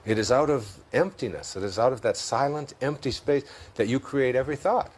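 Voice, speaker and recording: A man's voice: mid-range voice, fairly quick. A man with a Detroit accent, a guest in an interview, talking reflectively about spiritual ideas and often laughing through his stories. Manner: thoughtful, laughs often while telling stories.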